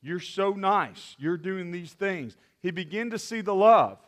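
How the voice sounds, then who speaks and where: A man preaching a sermon as a youth pastor, impassioned, with restarts, swinging from loud to hushed. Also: high-pitched, expressive, measured pace.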